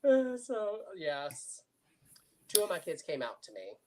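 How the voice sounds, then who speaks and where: A man's voice: on the high side, huge pitch swings, mellow. A man in his forties telling personal stories in casual conversation, hesitant and full of fillers. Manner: slow, hesitant storytelling with many fillers.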